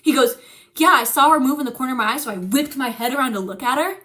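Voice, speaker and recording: Young woman, high voice, bright tone, animated swearing storyteller, teary-eyed, streaming mic. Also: fast. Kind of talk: casual chat, storytelling.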